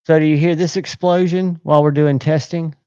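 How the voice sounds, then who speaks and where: A man with a smooth, mellow voice hosts a relaxed livestream, rambling along in an upbeat, enthusiastic way. The sound is dry and slightly muffled. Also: fairly high pitch, fairly quick, no echo. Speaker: livestream host. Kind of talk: casual chat.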